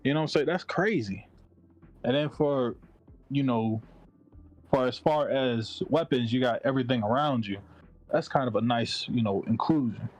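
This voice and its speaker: Animated slangy man talking games. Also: medium pitch, moderate pace, low-quality recording. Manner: animated, slangy, swears freely. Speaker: guest. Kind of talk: casual gaming chat.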